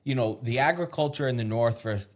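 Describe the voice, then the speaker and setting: A man's voice: medium pitch, brisk. A man, a chef guest in a casual interview, explaining things as he thinks aloud, with small restarts along the way.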